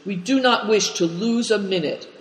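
A man voicing a practical young scout in a story reading, speaking in an earnest, brisk manner, in a roomy space with long reverb. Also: high voice, pitched above the performer's own voice, close to an everyday voice.

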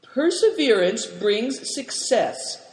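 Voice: medium pitch, very animated, slow pace, pitched above the performer's own voice. Reader doing a hesitant, earnest, stubborn boy; long hall reverb.

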